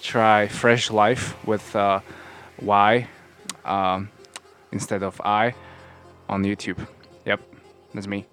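A young man with non-native English and a North American tinge rambles through a casual vlog, slangy and laughing to himself. His voice sits low and unhurried, drawn out at a slow pace. Faint music plays behind him on a home microphone. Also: little pitch movement, fairly bright tone. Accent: non-native English with North American touches. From small industrial town in a former communist country. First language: not English. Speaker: vlogger. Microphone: new home microphone.

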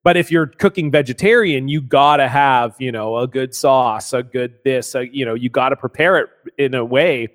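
Relaxed man explaining in casual chat. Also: mid-range voice, moderate pace, few pauses.

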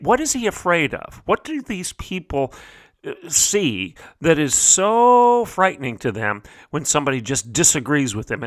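A man's voice: medium pitch, fairly bright tone, dry recording, studio quality. A male host delivering an emphatic, indignant opinion monologue on his show. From United States. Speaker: podcast host.

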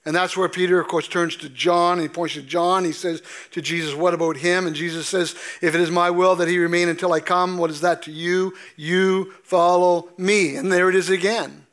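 A man preaching a sermon as pastor in a church, reading scripture slowly and with emphasis. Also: high voice, flat delivery, a bit bright. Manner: slow, deliberate preaching with emphatic drawn-out scripture quotes. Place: church sanctuary.

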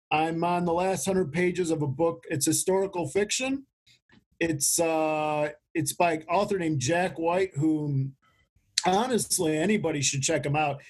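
A man chatting casually on a podcast, rambling with restarts and fillers as he describes a book. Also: fairly high pitch. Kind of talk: casual chat.

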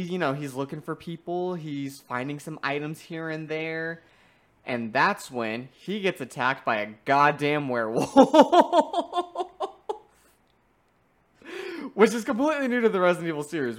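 An enthusiastic podcast co-host recaps a game plot in loose, chatty speech full of fillers. The voice sits at an ordinary middle pitch. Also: lively intonation, normal speed. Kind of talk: casual game review chat.

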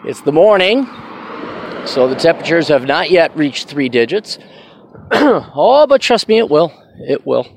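A man's voice: a little high, sing-song, unhurried, long pauses, a little hiss or hum. A man hosting a podcast, talking in a brash, sarcastic, ranting monologue. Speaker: podcast host. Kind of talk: casual monologue.

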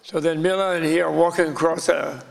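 A man casually retelling a legend in an animated, rambling way, full of asides. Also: fairly high pitch, a little fast, gravelly. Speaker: storyteller. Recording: long hall reverb.

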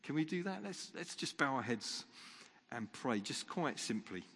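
A man's voice: mid-range voice, sing-song, normal speed, a bit bright, slightly rough. Guy preaching in church, earnest, keeps restarting his words, big echoey hall. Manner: earnest, repeats words when starting sentences. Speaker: pastor. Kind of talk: sermon. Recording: long church hall reverb.

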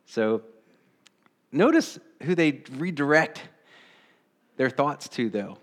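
A man's voice: medium pitch, animated, unhurried, long pauses. Conversational male pastor preaching a sermon. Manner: conversational, asks the congregation rhetorical questions; acts out quoted voices with bursts of energy.

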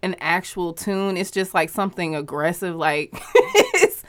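A woman's voice: fairly low pitch, huge pitch swings, unhurried. A woman co-hosting a podcast, chatting candidly and laughing easily. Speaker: podcast co-host. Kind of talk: casual chat.

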